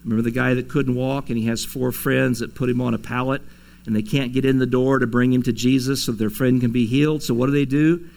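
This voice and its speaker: A man's gravelly, darkish mid-range voice holds a steady tone at a fairly quick clip as he preaches from a church sanctuary. The pastor keeps it conversational with his congregation, chuckling now and again and dramatizing quotations.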